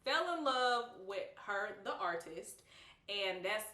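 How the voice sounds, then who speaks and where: Young woman vlogger doing a storytime, blunt and slangy, bright voice, kinda far from the mic in an echoey room. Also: mid-range voice, takes it slowly. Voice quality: animated, expressive, lively quoting of others. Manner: blunt, slangy, laughs often. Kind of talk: casual storytime. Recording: roomy, slightly distant mic.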